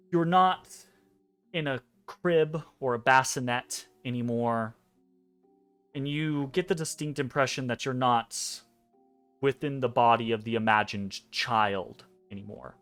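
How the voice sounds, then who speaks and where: A man narrating a dream scene as game master of a tabletop game, measured and hesitant, pausing between phrases. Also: mid-range voice, smooth. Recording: soft music behind.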